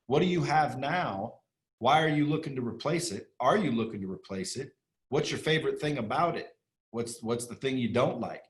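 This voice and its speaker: A man speaking as an interview guest in a blunt, emphatic way, firing off questions and swearing casually. His voice sits at a medium pitch. The recording carries a noticeable room echo. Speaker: interview guest, sales training entrepreneur. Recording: echoey room.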